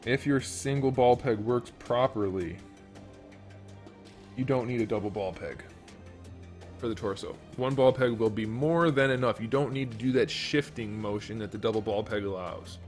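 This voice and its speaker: A man's voice: medium pitch, moderate pace, soft background music. A man hosting a casual modeling tutorial, rambling and thinking aloud while he works. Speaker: YouTube host and 3D modeler.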